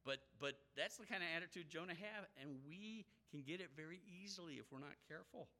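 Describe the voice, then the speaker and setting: A man preaching a sermon in an animated way, acting out the voices he quotes. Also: on the high side, brisk, few pauses.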